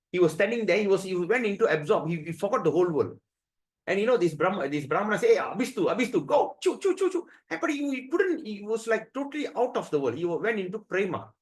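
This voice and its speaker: A man teaching a devotional scripture class, telling stories in an animated way, acting out the voices and often restarting his sentences. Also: high-pitched, rough recording. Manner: animated storyteller who acts out the voices, with frequent restarts. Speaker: spiritual teacher.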